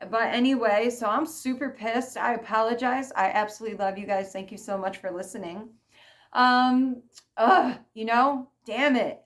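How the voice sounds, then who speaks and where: Brief: middle-aged woman, emphatic personal vlog rant, mid-pitched voice. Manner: emphatic and repetitive, frequent "okay?". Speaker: vlogger. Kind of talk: ranting vlog monologue.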